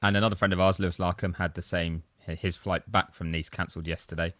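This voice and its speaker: A man's voice: deep voice, flat delivery, fast talker, a bit bright, dry recording. A man co-hosting a podcast, telling long, rambling, self-deprecating stories in casual chat. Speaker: podcast co-host.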